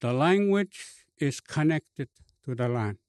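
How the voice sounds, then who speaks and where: A man with a Cree accent, a bishop telling a personal story in a slow, halting way with many fillers and restarts. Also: mid-range voice, animated, a little mellow, no room sound. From Canada.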